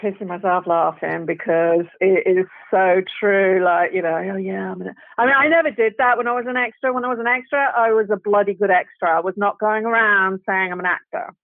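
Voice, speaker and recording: A woman's voice: mid-range voice, a little fast, hardly any pauses, no room sound. A woman, an actress guest on an interview show, spins casual anecdotes with easy laughs and British slang. Her voice arrives over a thin, phone-like line with no room sound at all. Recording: tinny phone line, dry.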